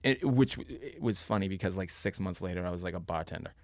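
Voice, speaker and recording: Podcast guest, man in his thirties, very low voice, dry close mic, rambling anecdote with fillers. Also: quick pace, no echo. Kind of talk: casual storytelling.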